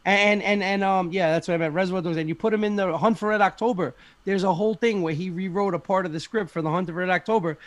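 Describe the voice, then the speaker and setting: A man's voice: sits high, steady tone, quick pace, hardly any pauses, no room sound. A man chatting casually on a podcast, rambling with lots of fillers and frequent swearing. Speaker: podcast participant.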